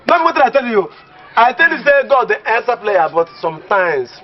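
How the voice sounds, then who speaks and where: An actor playing a teasing, cautious village friend who speaks Nigerian Pidgin English. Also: male voice, very high-pitched, big pitch swings, moderate pace. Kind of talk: comedy film acting. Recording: muffled film audio.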